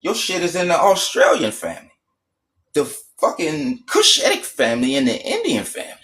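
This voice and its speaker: A man's voice: high-pitched, wildly swooping pitch, brisk, a bit bright. A man in a heated casual rant, profane and emphatic. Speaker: streamer.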